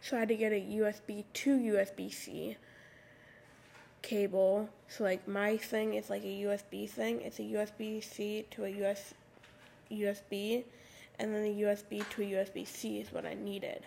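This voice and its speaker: A teenage girl hosting her own podcast, raspy with a slight lisp on her s sounds, rambling casually with lots of "like" fillers into a USB microphone. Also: medium pitch, little pitch movement, normal speed, mellow. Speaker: podcast host. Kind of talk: casual solo podcast talk. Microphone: USB microphone at a computer.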